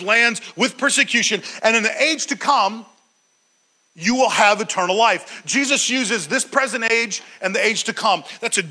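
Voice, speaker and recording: A man preaching a sermon, retelling a Bible story with animated storytelling and acted-out quotes. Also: sits high, low-quality recording. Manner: occasional stumbles and restarts.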